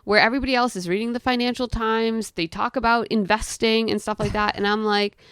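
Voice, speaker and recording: A woman's voice: a little high, fairly quick, clean tone, no room sound, clean studio sound. A young woman, a guest telling a story, who talks casually with lots of "like" and acts out what people said. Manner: animated, acts out quotes of herself and others; chatty, frequent "like" fillers.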